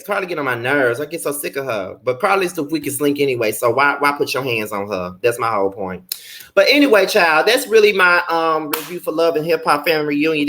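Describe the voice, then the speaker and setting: Young guy ranting about reality tv, bright voice, sassy and cussing, big pitch jumps. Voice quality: blunt, profane, sassy commentary. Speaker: YouTube reality TV reviewer. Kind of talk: casual recap vlog.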